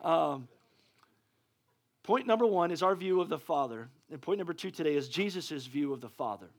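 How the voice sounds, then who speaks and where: A male preacher giving a sermon, excitable and often stumbling over restarts. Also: on the high side, normal speed.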